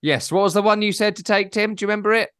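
Teasing man, higher voice. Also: very fast, fairly bright tone, smooth, dry recording, studio quality. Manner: teasing, rambling, joking. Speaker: podcast host. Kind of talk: casual chat.

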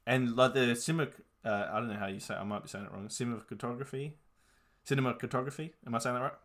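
A man's voice: medium pitch, steady tone, quick pace, a bit bright. A young man chatting casually about films, rambling with lots of fillers and swearing. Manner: laid-back, rambling, many fillers and swearing. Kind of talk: casual chat reviewing movies.

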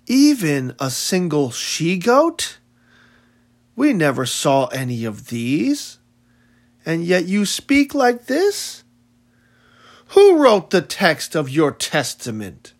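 A man's voice: fairly high pitch, huge pitch swings, takes it slowly, long pauses, exaggerated voice. A man voicing a greedy, scornful uncle and aunt who mock their poor relatives, read as an audiobook. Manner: mocking, contemptuous questioning. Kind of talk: audiobook reading.

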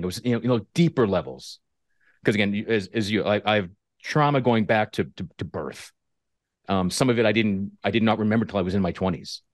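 A man hosting an interview, speaking reflectively and haltingly, with frequent restarts. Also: lowish voice, no room sound, studio quality. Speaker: host. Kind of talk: candid interview conversation.

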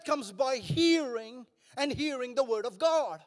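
An older man preaching with fervor, his voice unusually high for a man and climbing into shouts as he presses his point. The sound rings with a long reverb, as in a large church hall. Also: expressive, unhurried, hardly any pauses. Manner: passionate, rising to shouts. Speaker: pastor. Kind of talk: sermon.

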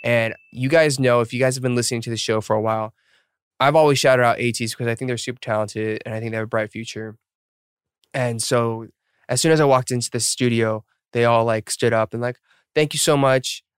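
A man's voice: medium pitch, steady tone, brisk, smooth, dry recording. Easygoing male podcast host, dry sound. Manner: chatty, laughs often, shifts into quoted voices. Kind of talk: casual storytelling chat.

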